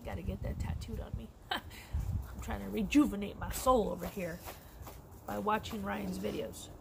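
There's a noisy background as a middle-aged woman chats casually and candidly on her personal crochet vlog. Her medium-pitched voice has vocal fry, she speaks at normal speed, and she laughs a lot.

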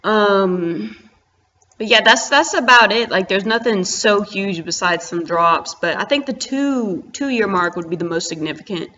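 A young adult woman giving casual, excitable gameplay commentary, full of slang and rambling asides. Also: mid-range voice, unhurried, lo-fi sound, a little hiss or hum. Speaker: gaming channel host.

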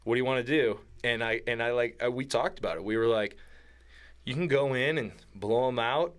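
A man casually telling a hunting story on a podcast, animated and laughing as he acts out what was said. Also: medium pitch, fairly quick. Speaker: podcast guest.

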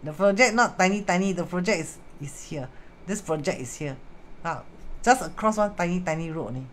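A woman's voice: on the low side, lively intonation, a little fast. A woman with a Singaporean accent, a feng shui teacher chatting casually on a live stream, dropping in Hokkien and Mandarin words and greeting viewers as she goes. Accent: Singaporean English. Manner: greets viewers mid-explanation.

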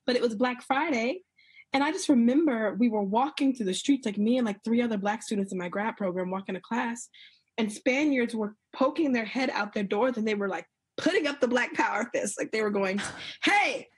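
A young American woman telling stories in a casual podcast chat, animated and laughing often, acting out the voices she quotes. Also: on the high side, brisk, slightly rough, dry recording. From United States. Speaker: podcast guest.

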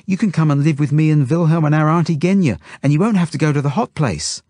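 A man reading an audiobook voices a bold, innocent little girl in a high, earnest child voice. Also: fast talker, darkish tone, no room sound, clean studio sound, lightly acted. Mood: pleading.

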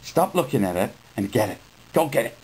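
A man's voice: medium pitch, very animated, a little fast, darkish tone, husky, poor audio. A man filming a casual home video, talking playfully to his dog indoors. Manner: playful, coaxing talk to a dog.

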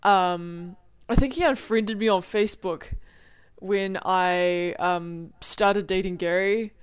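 A woman's voice: medium pitch, slow pace, clean tone, no echo. A young woman in a casual video diary, rambling and swearing freely with lots of "like" and "you know", recorded at home. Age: young adult. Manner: rambling, profane, filler-heavy with lots of "like". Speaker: vlogger.

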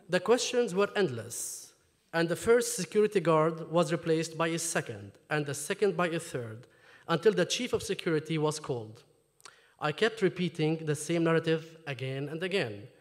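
Man, author from Jerusalem; emphatic talk and reading, slightly high pitch, reverberant hall. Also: animated, normal speed. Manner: emphatic, questioning the audience. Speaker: author at book launch. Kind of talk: talk then reading from his memoir. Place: lecture hall.

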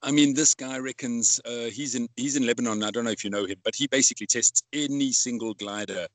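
A man's voice: medium pitch, a little fast, dry recording. A man hosting a casual podcast interview, rambling with many fillers and asking leading questions. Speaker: podcast host.

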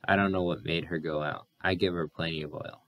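A man's voice: sits low, steady tone, a little fast, fairly bright tone. A man voicing a brash, defensive young man who grumbles in rural speech.

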